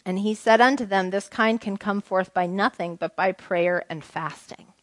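A woman's voice: medium pitch, normal speed, dry recording. Woman teaching scripture, dry close sound. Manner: conversational, asks the group questions, reads scripture aloud. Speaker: Bible teacher. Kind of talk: informal Bible teaching to a group.

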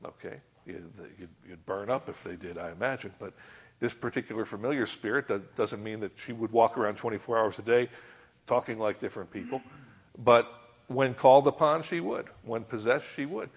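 A man's voice: lowish voice, a little fast, husky. A man preaching a sermon in a conversational way. He reads scripture aloud, comments on it, and keeps asking his listeners rhetorical questions.

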